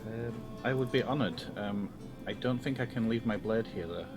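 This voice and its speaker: A man playing a tabletop game, speaking hesitantly and politely with many pauses and ums. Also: on the low side, over music. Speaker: player.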